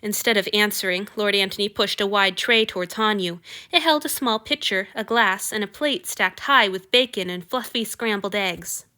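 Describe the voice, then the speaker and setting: A woman narrating a fan fiction story aloud in an expressive, lively way. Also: medium pitch, normal speed, few pauses. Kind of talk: audiobook reading of fiction.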